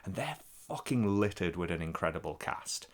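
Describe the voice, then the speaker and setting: A man's voice: sits low, animated, normal speed. A man, co-hosting a podcast in casual, rambling chat full of swearing. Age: 40s. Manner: sweary, rambling, laughs a lot. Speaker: podcast co-host.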